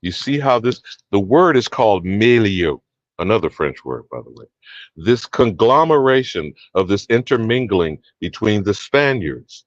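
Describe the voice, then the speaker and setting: Lecturing deep-voiced man on a dull line. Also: no echo. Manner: emphatic, lecturing, asks others to confirm. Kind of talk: history discussion panel.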